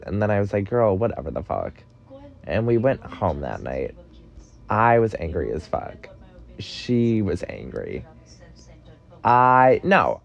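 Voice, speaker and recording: A young man telling a story in a casual, gossipy way, swearing and dramatic. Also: on the low side. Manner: gossipy, profane, dramatic retelling. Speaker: podcast host.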